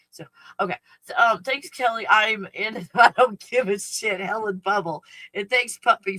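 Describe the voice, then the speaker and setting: A woman's voice: mid-range voice, measured pace, gravelly, pushed and bright, no room sound, low-quality recording. A woman hosting a casual live stream from home, blunt and freely swearing, cooing in baby talk at her dog.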